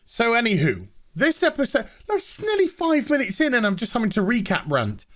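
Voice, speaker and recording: A man's voice: very high-pitched, wildly swooping pitch, moderate pace. A man ranting sarcastically in an exasperated review vlog about a TV episode. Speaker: TV show reviewer.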